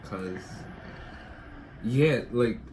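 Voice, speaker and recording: A young man with a New York accent in a casual chat, telling stories in an animated way and swearing a lot. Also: medium pitch, extremely slow, slight background noise. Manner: animated storytelling, swears often. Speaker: co-host.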